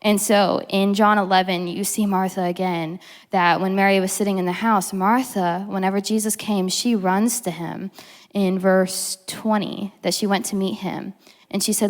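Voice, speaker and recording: A woman's voice: medium pitch, steady tone, normal speed. A young woman giving a casual devotional teaching, chatty, full of fillers, acting out the quotes she tells. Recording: long hall reverb.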